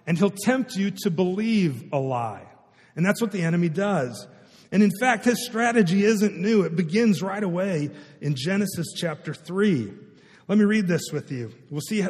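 Brief: male pastor, high voice, chatty sermon delivery, echoing sanctuary. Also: darkish tone. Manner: conversational, asks the congregation questions. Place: church sanctuary. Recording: long hall reverb.

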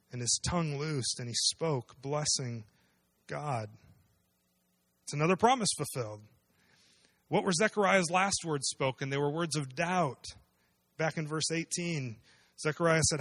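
A man's voice: fairly high pitch, measured pace, long pauses, fairly bright tone, dry recording, clean studio sound. A man preaching a sermon, explaining a scripture passage in a conversational way and asking his listeners questions. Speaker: pastor.

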